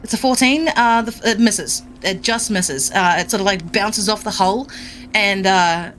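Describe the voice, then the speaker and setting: A woman's voice: mid-range voice, unhurried, fairly bright tone, soft background music. A woman narrating as dungeon master, chatty and full of fillers. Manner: chatty, filler-heavy, breaks into silly voices. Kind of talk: narrating a tabletop game.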